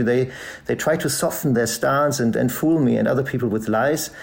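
Gravelly German man, hesitant. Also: mid-range voice, normal speed, a little mellow. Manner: hesitant, many fillers and restarts. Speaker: guest, journalist and author. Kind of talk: conversational interview answers. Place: podcast recording.

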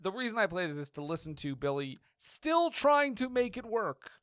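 A man's voice: high-pitched, sing-song, normal speed, fairly bright tone, smooth, no room sound, studio quality. A man co-hosting a casual film podcast, easygoing and conversational. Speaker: podcast co-host.

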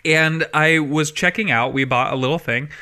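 A man's voice: a little high, moderate pace, pushed and bright. A man co-hosting a casual podcast chat, rambling and restarting his sentences, laughing often. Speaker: podcast co-host.

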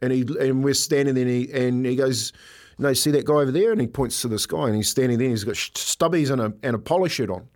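An older man, co-hosting breakfast radio and telling a story in animated, rambling chat full of fillers. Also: mid-range voice, quick pace, hardly any pauses.

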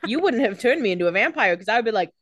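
A woman's voice: a little high, very animated, very fast, a bit bright, dry recording, studio quality. A woman co-hosting a podcast, making playful, jokey asides in casual chat. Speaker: podcast co-host.

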